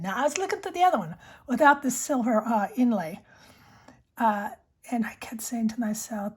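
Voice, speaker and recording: Lady pen vlogger, super breathy half-whisper, slightly high voice, rambly and chatty. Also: moderate pace. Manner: chatty, rambling, many fillers and self-corrections. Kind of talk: casual show-and-tell, often whispered.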